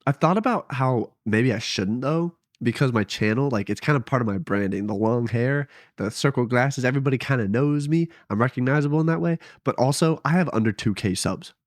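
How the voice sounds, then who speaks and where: A young man talks into a headset mic at home, rambling and hesitant, often doubting himself aloud. His voice sits at an ordinary middle pitch. The sound is close and dry with no room echo. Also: brisk, few pauses. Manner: rambling, hesitant, self-deprecating. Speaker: vlogger. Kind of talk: casual late-night vlog.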